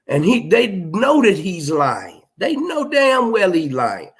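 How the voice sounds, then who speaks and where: Man, middle-aged, livestream host, blunt and emphatic, slightly high voice. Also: wildly swooping pitch, takes it slowly. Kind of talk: casual livestream commentary reading chat.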